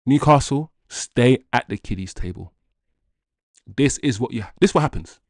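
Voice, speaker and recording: A man hosting a football fan channel, reading transfer news aloud and riffing on it in a jokey, animated way. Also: mid-range voice, normal speed, no room sound, clean studio sound. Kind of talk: casual transfer-news commentary.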